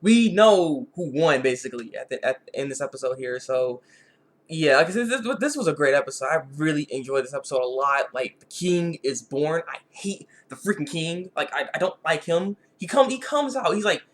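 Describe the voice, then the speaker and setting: A man with a slightly high voice talks through a casual video review. He rambles, repeats himself and restarts his sentences often. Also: animated, normal speed. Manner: rambling, repetitive, frequent restarts.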